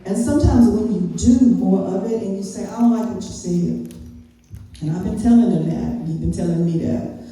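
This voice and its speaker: A woman giving a conversational sermon-style teaching, telling stories with laughs and a voice that climbs when excited. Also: mid-range voice, brisk. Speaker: prophetess teaching a session. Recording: echoey hall, speaker far from the mic.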